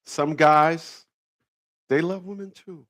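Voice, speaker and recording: A man's voice: on the high side, steady tone, slow, a bit bright. A man hosting a casual livestream talk, rambling, repeating himself and breaking into laughter. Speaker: channel host.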